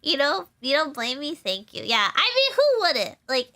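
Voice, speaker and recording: A young woman VTuber chatting on a live stream, rambling without pausing and laughing often. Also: high voice, huge pitch swings, sharp tone. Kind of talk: casual live-stream chat.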